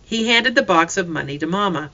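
An expressive audiobook narrator reads a first-person family story. The voice is bright and clear, with lively, wide-ranging pitch. The delivery is steady and scripted. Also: fairly quick, muffled recording. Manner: expressive reading.

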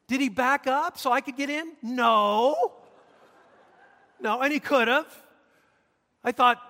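Male preacher, very high bright voice, storytelling sermon, swells to shouts, long church reverb. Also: slow pace, pauses often. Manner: storytelling, rising to forceful emphatic shouts. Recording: long reverb of a large hall.

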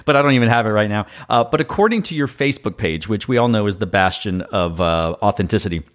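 A man's voice: on the low side, animated, fast talker. A man hosting a podcast in casual interview chat, teasing and joking with his guest. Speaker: podcast host.

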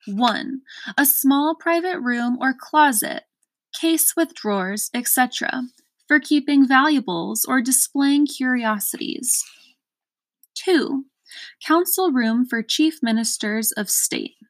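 A fussy male duke from a storybook, put on by a woman reader, reciting definitions point by point. His slow, measured delivery sounds like a dictionary entry. The recording is close and dry. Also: sits high, lively intonation, dry recording, pitched above the performer's own voice.

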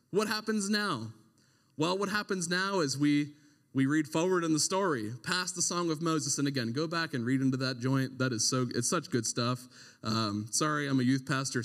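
Young youth pastor, slangy casual sermon. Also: male voice, fairly high pitch, a bit bright. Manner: conversational, slangy, with frequent "like" and "right?". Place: church sanctuary. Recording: long hall reverb.

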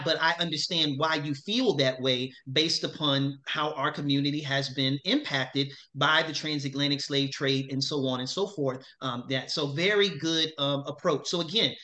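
Upbeat bright-voiced male class leader. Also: fairly high pitch. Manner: lavish repeated praise, upbeat. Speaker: chaplain instructor leading a class. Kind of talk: classroom discussion leading.

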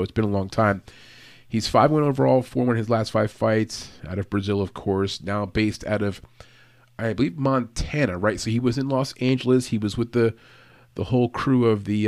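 A man's voice: on the low side, a little mellow, no echo. A man hosting a casual fight-picks show from his computer, loose and conversational, punchy when making his betting picks. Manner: hyped, emphatic and punchy in the picks. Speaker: host giving fight picks and betting tips. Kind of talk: casual podcast breakdown. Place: home office at a computer. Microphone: desk mic, no edits.

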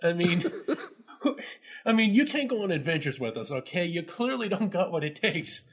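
A high-voiced man with a husky edge and a lively, swooping delivery. He is chatting casually about an old video game and keeps breaking into giggles. He sounds excitable and playful. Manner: giggly, excitable, quick to laugh. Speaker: co-host. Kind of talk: casual game-review chat.

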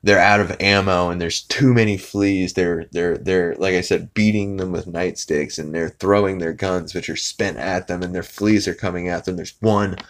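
A man's voice: sits low, fairly even intonation, normal speed, hardly any pauses. A man hosting a podcast who casually recaps a cartoon episode, rambling with lots of fillers and swearing. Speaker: podcast host.

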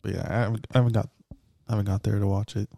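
Laid-back man with a mellow voice. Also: on the low side, flat delivery, rapid-fire, vocal fry, no room sound, clean studio sound. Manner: laid-back, short reactions. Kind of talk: casual chat.

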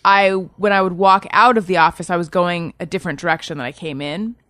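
A low-pitched woman in her thirties hosts a podcast, talking in a rambling, self-deprecating way. She restarts and corrects herself as she tells a story. Her voice is recorded close and dry, with no room around it. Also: a little fast, a bit bright, no echo. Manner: rambling and self-deprecating, restarts and rephrases while telling stories. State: anxious. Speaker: podcast host. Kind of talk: casual chat.

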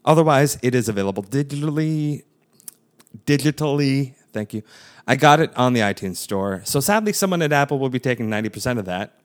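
A man's voice: mid-range voice, animated, fast. A man introducing a podcast segment with enthusiasm and wry asides.

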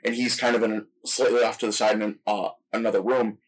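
A man's voice: on the low side, flat delivery, quick pace, low-quality recording. A man co-hosting a casual film podcast, retelling movie scenes in long, detailed play-by-play. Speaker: podcast co-host.

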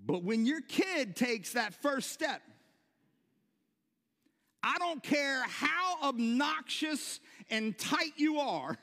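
A man preaching a sermon to his church, animated, repeating words and shouting when excited. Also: very high-pitched, extremely slow, long reverb tail. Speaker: pastor. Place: church sanctuary.

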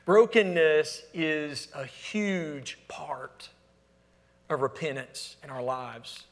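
A man preaching a sermon as pastor, asking the congregation to fill in words and swinging between emphatic calls and hushed, near-whispered lines. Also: fairly high pitch, very slow. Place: church sanctuary. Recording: long hall reverb.

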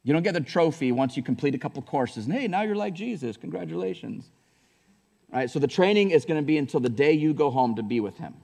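A man's voice: mid-range voice, quick pace, hardly any pauses, dark tone, long reverb tail. A male pastor giving a sermon in a church, talking conversationally with frequent asides and building to fervent emphasis. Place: church sanctuary.

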